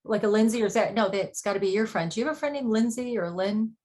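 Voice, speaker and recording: A woman hosting a show as a psychic medium, asking quick probing questions in a chatty live reading. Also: mid-range voice, a little mellow. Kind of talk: relaying messages in a live reading.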